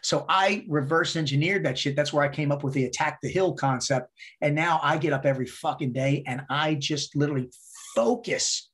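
A man's voice: a little high, fairly quick, fairly bright tone. Blunt, profane motivational man. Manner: emphatic, repeats words for effect. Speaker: podcast guest. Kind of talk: casual interview talk.

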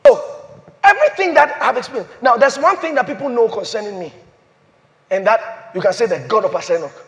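A man preaching a sermon as pastor, repeating phrases and swinging from loud declarations to hushed, slow emphasis. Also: extremely high pitch, lively intonation. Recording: long hall reverb.

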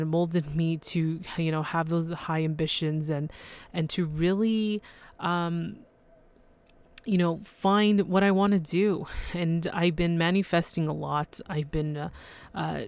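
Solo podcast host, woman, effusive and overwhelmed, smooth but gravelly voice. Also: low voice, a little mellow. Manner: effusive, gushing, many fillers and restarts. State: emotional and overwhelmed.

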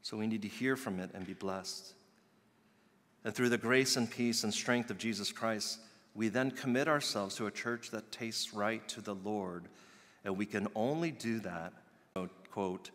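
A male pastor preaching a sermon in an earnest way, building to loud emphatic peaks and dropping soft again. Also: lowish voice, a little slow. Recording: long reverb of a large hall.

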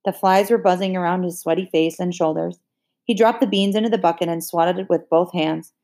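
A woman reading a children's novel aloud in a measured storytelling manner. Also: on the low side, steady tone, darkish tone. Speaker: audiobook reader.

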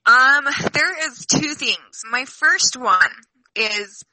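A woman's voice: high voice, drawn-out words, no room sound, low-quality recording. A woman telling family stories in a casual chat, animatedly acting out what people said. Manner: animated storyteller, acts out quotes. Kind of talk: casual chat among sisters.

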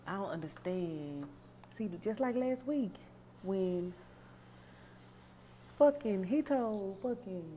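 A woman hosting a podcast, giving sassy, animated, profane commentary on song lyrics. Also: mid-range voice, a little hiss or hum. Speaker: podcast host.

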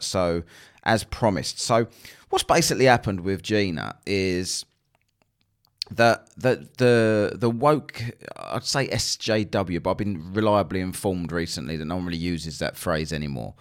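A man hosting a podcast, talking in a blunt, sarcastic rant with plenty of swearing. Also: sits low. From England. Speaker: podcast host. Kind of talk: casual podcast monologue.

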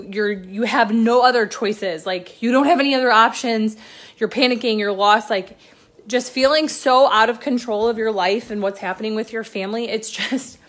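Chatty young mom, fairly high voice. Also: female voice. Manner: chatty, filler-heavy, swings between hushed and excited. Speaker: mom sharing her work-from-home story. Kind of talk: casual talk to camera.

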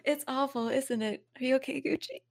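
A woman co-hosting a podcast, giggly and expressive as she chats. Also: high voice, fairly quick, gravelly. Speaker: podcast co-host. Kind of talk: casual podcast chat.

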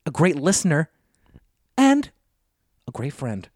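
Rowdy young podcast guy, bouncy high voice, swears a lot. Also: huge pitch swings, takes it slowly, darkish tone, no echo, studio quality. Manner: rowdy, profane storytelling with mocking impressions. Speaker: podcast co-host. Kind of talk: casual podcast banter.

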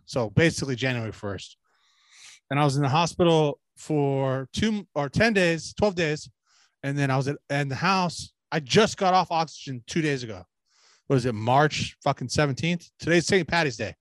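Profane rambling man, slightly high voice. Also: moderate pace, a bit bright, no room sound. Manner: profane, rambling, mimics people in quoted asides. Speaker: podcast co-host. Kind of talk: crude casual chat.

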